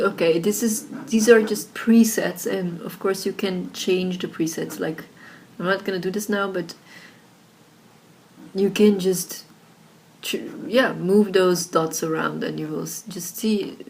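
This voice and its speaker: Woman presenter, slightly low voice, relaxed and filler-heavy, built-in laptop mic with light background noise. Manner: chatty, many fillers like "like" and "you know". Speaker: software tutorial presenter. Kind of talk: casual screen-recorded tutorial. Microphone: built-in laptop microphone.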